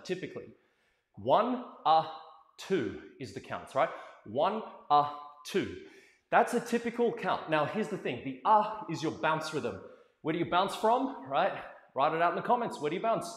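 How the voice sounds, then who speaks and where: Middle-aged man, dance teacher, lively animated voice, energetic coaching, roomy hall with music behind. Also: fairly high pitch, fairly quick. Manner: energetic coaching, calls out counts and step names. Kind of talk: live dance lesson. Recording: echoey hall with music playing.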